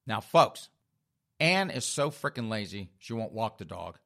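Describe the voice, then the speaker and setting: A male comic storyteller talks to his listeners as folks, sardonic and mocking. His tone is bright and forward, and his pitch swoops up and down with lively emphasis. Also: a little slow, creaky. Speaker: comedic storyteller. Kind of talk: comedic storytelling.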